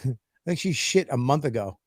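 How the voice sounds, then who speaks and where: A man's voice: mid-range voice, animated, normal speed, a little mellow, dry recording. A man co-hosting a comedy podcast in loose, crude banter, laughing often. His voice sits in a middle range. It is recorded close and dry, with no room around it. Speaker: podcast co-host. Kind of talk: casual comedy chat.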